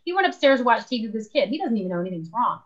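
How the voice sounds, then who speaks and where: Racing through her stories in a fairly high voice, a guest author speaks in a conversational interview. She animates her anecdotes by acting out the voices she quotes. The sound quality is lo-fi.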